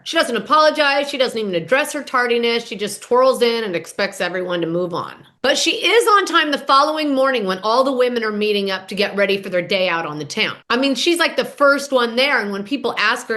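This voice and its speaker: Chatty woman recapping reality TV gossip. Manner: chatty, acts out quotes with shifting pitch and loudness; candid, swears casually.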